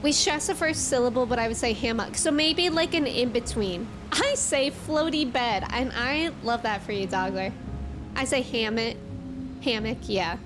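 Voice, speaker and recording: Young woman, streamer, casual chatty talk, fairly high pitch, faint music. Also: moderate pace. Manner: chatty, reads chat aloud and reacts. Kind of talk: casual gaming stream chat.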